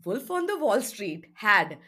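A woman co-hosting a film podcast, her voice bright and edged. Her pitch swings widely as she talks in quick, animated bursts. The talk is loose and conversational. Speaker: podcast co-host. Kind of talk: casual film discussion.

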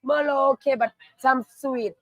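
A co-host answering in quick, short replies in simple English on a casual live show. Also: high voice, fairly even intonation, fairly bright tone, no room sound, studio quality.

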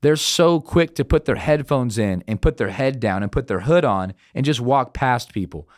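A man who is a senior pastor, preaching on leadership in an emphatic way and slowing right down to stress key phrases. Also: mid-range voice, lively intonation, dry recording, studio quality.

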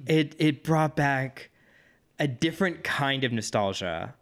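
A man's voice: mid-range voice, expressive, slow pace, a bit bright. Enthusiastic male podcast co-host. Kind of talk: casual chat.

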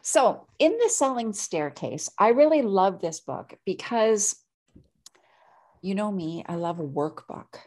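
A woman's voice: medium pitch, expressive, unhurried, a little mellow. A woman hosting a podcast, talking in a chatty, casual way with lots of fillers. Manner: chatty, many "like" fillers, laughs easily. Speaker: podcast host.

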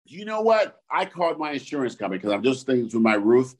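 A man co-hosts a podcast with a mid-pitched voice that is neither high nor low. He rants through profane stories in a lively way, and his voice leaps up whenever a point gets him going. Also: fast talker. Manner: animated, profane storytelling with sudden pitch jumps. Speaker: podcast co-host. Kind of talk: casual podcast chat.

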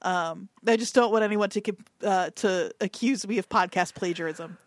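A woman co-hosting a movie podcast, chatting casually and rambling through asides and fillers. Her pitch sits in an ordinary middle range. The sound is dry and close, with little room around it. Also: normal speed, no room sound. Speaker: podcast co-host. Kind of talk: casual chat.

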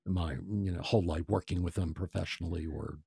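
A man in his sixties telling a lively story as an interview guest, stumbling and repeating words as he gets excited. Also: deep voice, a little fast, gravelly, husky, dry recording, clean studio sound. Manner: animated storyteller, stammers and repeats. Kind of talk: casual anecdote telling.

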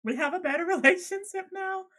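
A woman co-hosting a casual spiritual podcast chat, animated, laughing often and swearing when riled up. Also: very high-pitched, a little fast, rough recording. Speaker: podcast co-host.

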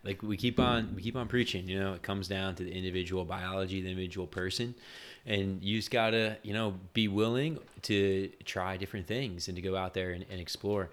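A man's voice: low voice, steady tone, fairly quick. A young man co-hosting a podcast, easygoing and rambling, restarting his sentences. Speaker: podcast co-host. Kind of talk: casual chat.

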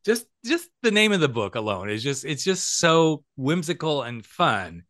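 A man hosting a casual podcast chat, telling stories lively, acting out quotes and laughing often. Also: fairly high pitch, normal speed. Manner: animated storyteller who acts out quotes, laughs often. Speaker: podcast host.

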